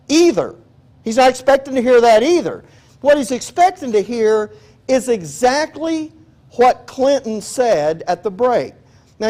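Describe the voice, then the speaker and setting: A man's voice: sits high, darkish tone. A man preaching a conversational sermon in a folksy way, acting out quoted prayers and asides. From Texas.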